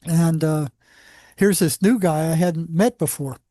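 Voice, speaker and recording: A man who worked as a psychologist on a psychiatric unit, telling animated anecdotes in a casual interview with lots of restarts. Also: on the high side, unhurried, no room sound, clean studio sound.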